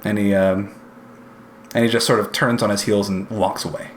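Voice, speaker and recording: A man's voice: fairly low pitch, flat delivery, normal speed, echoey room, a little hiss or hum. Man narrating as game master. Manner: descriptive, hesitant, lots of fillers.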